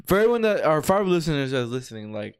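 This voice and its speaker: Smooth-voiced young podcast guy. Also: fairly high pitch. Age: young adult. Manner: relaxed, profane, fast when explaining. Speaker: podcast co-host. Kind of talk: casual chat.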